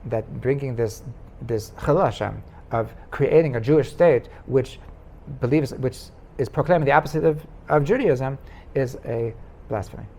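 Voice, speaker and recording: A man, a rabbi, casually telling a story to a small class, halting with many restarts. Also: medium pitch, dark tone.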